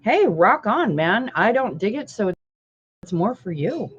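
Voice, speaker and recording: A woman chats slowly on a livestream from a diner booth, dry and joking, sometimes with food in her mouth. The sound is dull and lo-fi. She takes her time between words. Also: medium pitch, sing-song, husky. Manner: slow, dry and joking, chewing food while talking. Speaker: livestream co-host. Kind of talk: casual chat.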